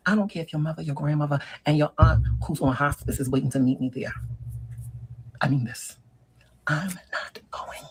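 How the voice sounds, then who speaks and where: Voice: mid-range voice, slight background noise, close to an everyday voice, low-quality recording. A performer playing a sassy middle-aged woman who lectures on dating in a comedic monologue and keeps calling the listener girl and honey. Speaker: relationship advice monologue.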